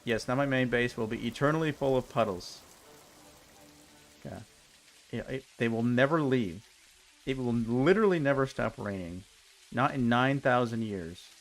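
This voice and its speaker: A man's voice: medium pitch, moderate pace, long pauses. A young man streaming a block game, ranting in exasperation and repeating himself as he plays. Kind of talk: casual game commentary.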